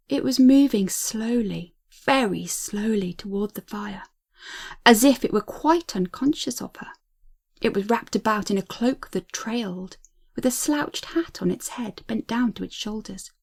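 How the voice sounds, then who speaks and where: A woman narrating a ghost story, reading in a dramatic, tense way that drops to a hush at times. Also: a little high, moderate pace, gravelly.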